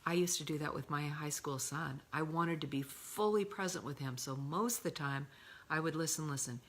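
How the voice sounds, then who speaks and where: A middle-aged woman giving a calm coaching talk, often slipping into a breathy whisper and stretching key words slowly. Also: low voice. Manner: slow, drawn-out emphasis on key words. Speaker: love coach.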